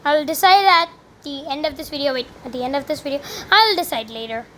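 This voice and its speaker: A young woman giving chatty, rambling commentary while playing a video game, with sudden loud exclamations. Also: high voice, expressive, brisk, slight background noise. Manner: chatty, rambling, exclaims loudly when she fails. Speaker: gaming commentator. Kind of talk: live gameplay commentary.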